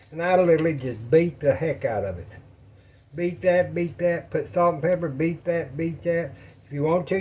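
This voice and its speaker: A man's voice: a little high, a little mellow, muffled recording, a little hiss or hum. A man chatting casually and rambling to viewers while cooking in his home kitchen, a little out of breath. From Texas. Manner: folksy, rambling, talks to viewers as y'all. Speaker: cooking vlogger.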